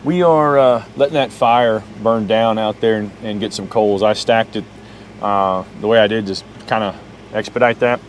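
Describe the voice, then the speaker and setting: A man's voice: on the low side, moderate pace. Oklahoma guy, middle-aged, rambling camp vlog at his truck, talks to his dog, faint bug noise behind. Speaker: camping vlogger. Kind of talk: casual camping vlog. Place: in and around a truck at a campsite.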